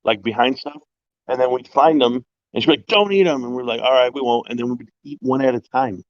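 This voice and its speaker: A man's voice: mid-range voice, fairly even intonation, fast, no echo, muffled recording. A man co-hosting a livestream in casual chat, ranting and opinionated. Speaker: livestream co-host.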